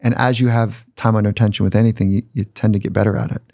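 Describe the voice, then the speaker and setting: A man appears as a guest in a podcast studio, telling personal stories in a reflective, conversational way and sometimes imitating the people he quotes. His lowish voice is creaky and mellow, fast, with fairly even intonation. The sound is studio quality with no echo.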